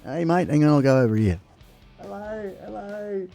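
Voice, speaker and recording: A man's voice: medium pitch, expressive, fast, dark tone. Australian male streamer, chatty and jokey, close-miked at home, faint music bed. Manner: chatty and jokey, laughs often, talks to chat. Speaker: live streamer. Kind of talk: casual live stream chat. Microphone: close desk microphone.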